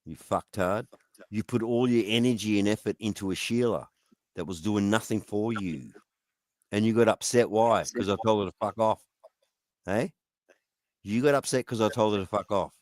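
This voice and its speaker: Angry male streamer, profane taunting rant, low voice, dry mic. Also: normal speed, darkish tone, no echo. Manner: profane, taunting, goading questions.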